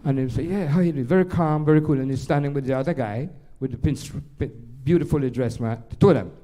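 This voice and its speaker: Older Jamaican man, warm mellow tone, loose rambling storyteller, speaking to a live audience. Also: medium pitch, quick pace. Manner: rambling, animated anecdotes with many restarts. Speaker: jazz pianist and storyteller.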